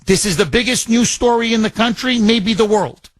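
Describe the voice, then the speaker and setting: A man with a high voice delivers an indignant rant on talk radio. He repeats himself and restarts phrases as he builds his point. The sound is dry and close, with no room echo. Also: normal speed.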